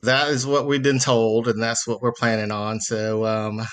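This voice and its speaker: Man, 50s, Southern accent, mid pitch, earnest, hesitant fillers, podcast caller. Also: level tone, moderate pace, fairly bright tone. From Mississippi. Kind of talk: casual chat.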